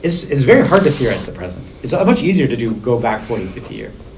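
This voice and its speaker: A man's voice: mid-range voice, big pitch swings, quick pace, gravelly, a little hiss or hum, poor audio. A middle-aged man, a university lecturer, talking through theory in a classroom seminar, circling back with restarts and fillers. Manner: discursive, many restarts and "like" fillers.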